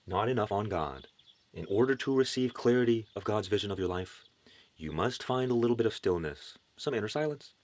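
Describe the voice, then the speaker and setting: A man giving a motivational spiritual talk, preachy and earnest, with wry asides. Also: on the low side.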